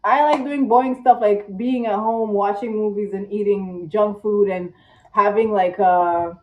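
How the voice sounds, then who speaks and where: A woman's voice: steady tone, measured pace, slight background noise. Young woman, tired, casual vlog chat, dramatic rhetorical questions, roomy echo, distant mic. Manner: chatty, dramatic, jumps to squeaky rhetorical questions. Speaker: vlogger. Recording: echoey room, distant, dull mic.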